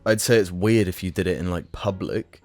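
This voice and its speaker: Man, podcast co-host, low voice, easygoing, dry close sound. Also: moderate pace, darkish tone, no echo, soft background music. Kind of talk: casual chat.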